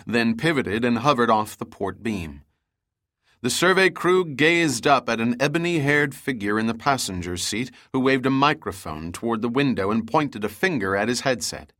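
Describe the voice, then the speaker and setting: Brief: male audiobook narrator, steady and even, middle pitch. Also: no room sound, studio quality.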